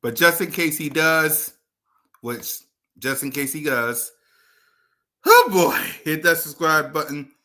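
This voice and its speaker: A man with a bright, fairly high voice hosts a casual sports stream from home. He greets viewers by name, keeps the energy up and sounds a little out of breath. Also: measured pace. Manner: hypes viewers, shouts out names. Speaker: host. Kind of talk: casual livestream chat.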